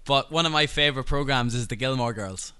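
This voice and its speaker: A man's voice: mid-range voice, fairly quick, pushed and bright, clear, resonant tone, dry recording. A man hosting a podcast, chatting casually with a playful, teasing manner. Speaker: podcast host. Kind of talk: casual chat.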